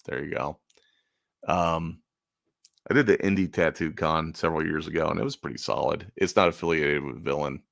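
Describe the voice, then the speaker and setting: A man's voice: a bass voice, normal speed, gravelly, a bit bright, no room sound, clean studio sound. A man in casual chat about selling art at conventions, rambling and making self-deprecating jokes. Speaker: convention artist and channel host.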